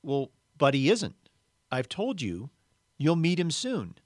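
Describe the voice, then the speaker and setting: A man reading a calm, kindly male spirit. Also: a little high, takes it slowly, no echo, clean studio sound, pitched above the performer's own voice, exaggerated voice. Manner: calm, patient, reassuring. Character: serene, kindly male spirit, gentle and patient.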